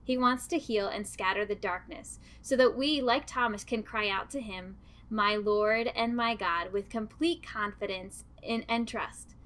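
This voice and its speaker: A woman, a religious sister, giving a gentle, earnest devotional reflection. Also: mid-range voice, moderate pace, few pauses.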